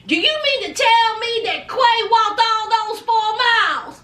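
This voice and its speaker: Chatty high-voiced woman recapping a show. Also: big pitch swings, pushed and bright, roomy sound, recorded from a distance. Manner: chatty, laughing, acts out the cast in quick quoted voices. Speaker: reality show recap vlogger. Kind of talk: casual recap commentary.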